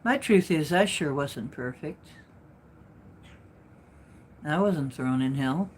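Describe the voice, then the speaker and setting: A woman's voice: low voice, animated, slow, darkish tone, a little hiss or hum. A woman hosting a live stream, chatting casually with her viewers and telling a rambling personal story full of restarts and asides. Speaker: livestream host and spiritual speaker.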